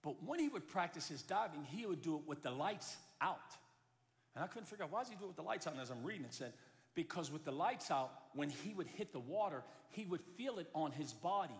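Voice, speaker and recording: A man preaching a sermon as pastor, telling a story and acting out the voices, swinging from loud to hushed. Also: a little high, big pitch swings, a little fast. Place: church sanctuary. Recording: long hall reverb with faint music.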